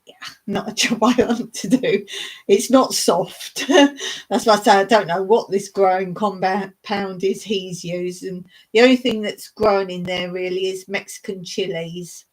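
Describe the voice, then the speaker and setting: Slow, easygoing woman chatting live. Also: medium pitch, steady tone, low-quality recording. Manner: chatty, rambling, laughs often. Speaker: live streamer. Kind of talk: casual chat with live viewers. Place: rural smallholding.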